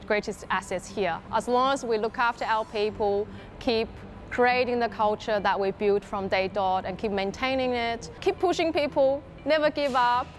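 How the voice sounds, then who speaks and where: A woman's voice: fairly high pitch, moderate pace, soft background music. A woman speaking in an upbeat, encouraging way in an interview.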